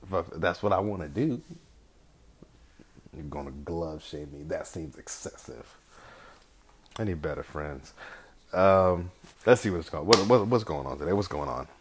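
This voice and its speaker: A man's voice: low voice, lively intonation, unhurried, pauses often, slightly rough. A man hosting a podcast solo in a casual, rambling way, with loose slang and frequent swearing. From California. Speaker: podcast host.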